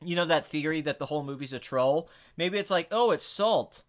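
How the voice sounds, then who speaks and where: With a slightly high voice and a quick pace, this podcast host answers chat questions and talks casually about movies. His manner is opinionated, blunt and sarcastic, alternating between flatness and excitement.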